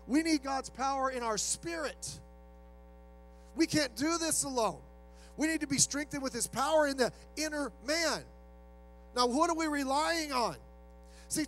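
High-voiced man preaching a sermon. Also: a bit bright, poor audio. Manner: conversational preaching, acts out quoted voices. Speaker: pastor.

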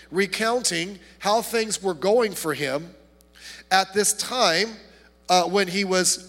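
Male pastor, high voice, impassioned sermon delivery, recorded in a reverberant church. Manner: impassioned preaching, swings from loud to hushed, frequent repetitions.

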